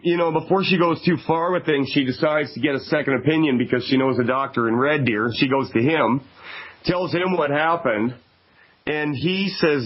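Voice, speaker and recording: A man from Canada hosting a call-in radio talk show, talking in a conversational, emphatic way. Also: on the high side. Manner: conversational, emphatic, repeats phone numbers slowly. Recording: dull lo-fi radio broadcast.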